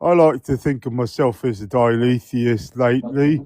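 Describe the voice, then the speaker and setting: A man's voice: mid-range voice, moderate pace, dark tone, dry recording. A man hosting a live stream panel, teasing guests with dry irony in casual banter.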